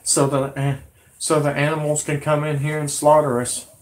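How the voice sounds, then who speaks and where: A man with a hoarse, sick voice, rambling to his viewers in an agitated, pleading, repetitive way. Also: fairly high pitch, flat delivery, normal speed. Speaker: conspiracy vlogger. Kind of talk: rambling monologue to camera.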